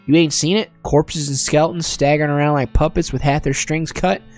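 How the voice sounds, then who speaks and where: Dude voicing a cranky drunk lady doc, sarcastic and fed up, voice pushed up higher. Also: steady tone, brisk, a little mellow, soft background music, lightly acted. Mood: exasperated. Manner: sarcastic, exasperated. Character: drunk grumpy woman frontier doctor.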